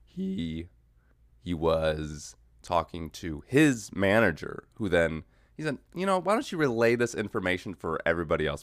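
Male podcast host, animated comic riffing, dry close mic. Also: low voice, normal speed, no echo. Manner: rambling, swearing, mocking riffs. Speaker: podcast host reacting to clips. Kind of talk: casual comedic commentary.

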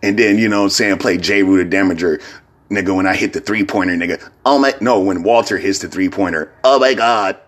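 A hungover man rambling in a casual vlog, profane and laughing, sending shout-outs. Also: low voice, fast.

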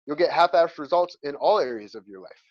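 A man giving an energetic, emphatic motivational talk as an interview guest, full of stories. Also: a little high, fairly quick. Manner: energetic and emphatic, talks in repeated phrases. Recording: slightly lo-fi sound.

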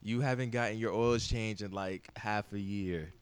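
Male podcast host, low smooth voice, relaxed and blunt. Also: moderate pace, no room sound. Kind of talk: casual chat.

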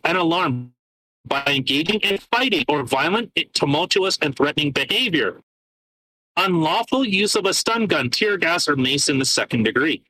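A man's voice: fairly high pitch, sharp tone, poor audio. A man co-hosting a casual podcast, ranting sarcastically, swearing often and stumbling as he reads out documents. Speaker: podcast co-host.

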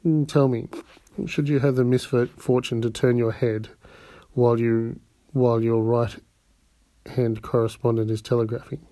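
A man voicing a calm, scheming count who probes with smooth, persuasive questions in a storybook reading. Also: medium pitch, measured pace, no room sound, lightly acted. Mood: probing.

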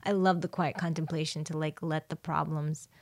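A woman's voice: low voice, level tone, normal speed, dry recording. A woman naturopath chatting casually as a podcast guest, acting out the voices of her patients.

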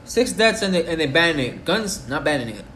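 A man's voice: a little high, expressive, a little fast. A young man co-hosting a casual podcast, cursing and laughing through slangy banter. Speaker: podcast co-host. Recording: echoey room with faint noise.

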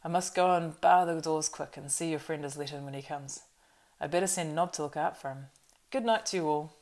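A woman voicing a nervous, talkative male innkeeper in an audiobook reading, in a loud, rambling, flustered way. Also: low-pitched, brisk. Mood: fussing.

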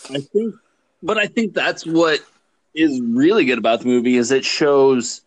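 A man co-hosting a casual podcast, explaining his views in a measured, thoughtful way. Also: mid-range voice. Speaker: podcast co-host. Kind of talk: casual chat.

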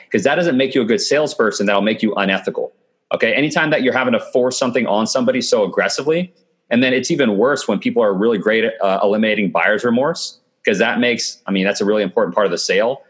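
A man's voice: on the low side, quick pace, fairly bright tone. A man being interviewed over a video call, giving sales advice in a confident, coaching tone. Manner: confident, coaching tone with frequent "okay" and "right". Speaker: guest. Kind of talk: remote podcast interview.

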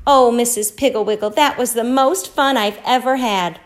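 A woman's voice: on the high side, moderate pace, pitched above the performer's own voice, natural voice. A woman voicing a delighted little girl who gushes.

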